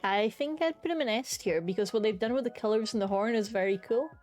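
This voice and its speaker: A woman's voice: a little high, fast talker, a little mellow, soft background music. Chatty young woman streamer, enthusiastic. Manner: chatty, enthusiastic, swears casually. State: hiccups. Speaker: streamer ranking creatures. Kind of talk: casual live-stream commentary.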